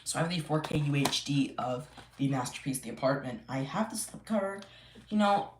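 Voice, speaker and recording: A man's voice: a little high, expressive, a little fast. Rambling man on a live stream. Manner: rambling, many fillers and restarts. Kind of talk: casual live stream chat. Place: home room. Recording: echoey room, faint noise.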